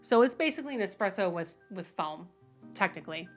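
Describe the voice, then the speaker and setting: A woman, a guest barista, talking earnestly and telling stories in a relaxed interview. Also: mid-range voice, fairly quick, soft background music. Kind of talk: casual interview.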